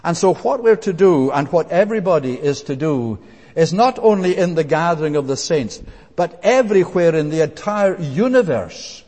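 A man's voice: a little high, expressive, normal speed, darkish tone, big-room sound. A man preaching a sermon, earnest and emphatic, repeating phrases for weight.

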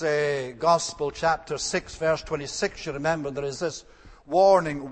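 A man preaching a sermon, explaining scripture in a measured way with frequent hesitant pauses. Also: fairly high pitch, big-room sound.

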